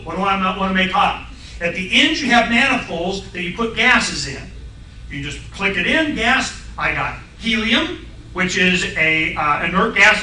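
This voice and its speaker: A middle-aged man on a radio talk show, explaining science in a blunt, folksy, excitable way and acting out voices in his stories. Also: sits high, reverberant, far from the mic, a little hiss or hum, rough recording.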